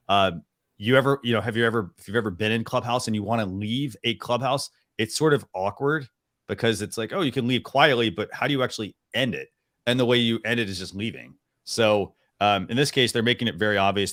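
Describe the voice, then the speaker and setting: Male host, low voice, dry close sound, casual rambling demo style with frequent fillers. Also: a bit bright, no echo. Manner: chatty, rambling with many fillers and restarts. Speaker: show host. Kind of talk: casual live demo on a talk show.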